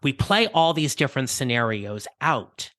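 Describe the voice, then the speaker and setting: Man, podcast host, bright and clear tone, dry close-mic sound, reflective storytelling, casual restarts. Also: medium pitch, big pitch swings, moderate pace, no room sound. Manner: conversational, reflective, with small restarts. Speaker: podcast host and career coach. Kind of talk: personal storytelling monologue.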